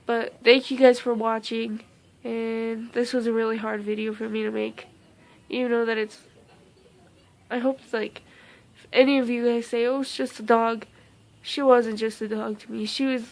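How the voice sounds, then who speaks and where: A young woman vlogger, emotional and near tears, talks in a halting way full of fillers and restarts. Her voice sits a bit high with a gravelly fry running through it. She stays on a flat, narrow tone. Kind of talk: casual storytime vlog.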